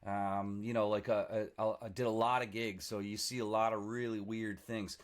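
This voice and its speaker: A man in his forties from the Niagara region, a guest musician telling stories in a lively, self-mocking way on a casual podcast. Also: on the low side, normal speed. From Niagara region, Canada. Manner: animated, self-mocking storyteller with laughs.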